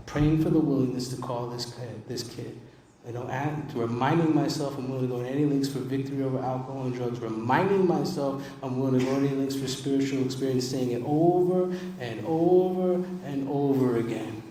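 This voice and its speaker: A man gives a personal testimony from a podium in a large convention hall. He talks in a conversational, emphatic way and repeats his key lines to the crowd. His voice sits at an ordinary pitch and is heard from some distance, with heavy, long echo and a faint room hum behind it. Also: moderate pace, mellow. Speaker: recovery convention speaker. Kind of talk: personal testimony talk to a live audience.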